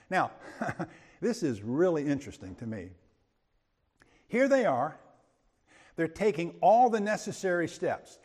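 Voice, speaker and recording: A man preaching in a husky voice, his pitch leaping up and down as he builds to loud points and then drops to near-hush. He sounds fairly high for a man. A long reverb from the room hangs behind his words. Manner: dramatic swings from loud to hushed. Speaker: pastor. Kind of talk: sermon.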